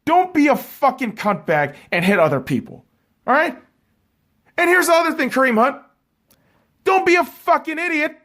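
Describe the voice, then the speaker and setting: A man hosting a sports podcast, ranting about football and basketball with constant swearing, heated and emphatic. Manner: heated, swearing constantly, drops low and flat reading scores. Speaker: podcast host. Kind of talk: profane sports rant.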